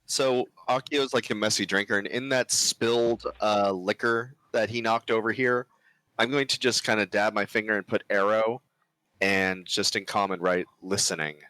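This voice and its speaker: A man's voice: lowish voice, fairly even intonation, moderate pace, sharp tone, clean tone, no room sound. A man playing in a tabletop game, describing his character's actions in detail with a wry edge. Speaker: player. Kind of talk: casual tabletop game chat.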